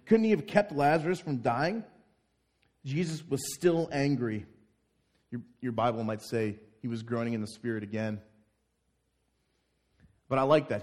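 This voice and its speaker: A man's voice: medium pitch, a little mellow. A man preaching a sermon as pastor, reading scripture aloud with dramatic force.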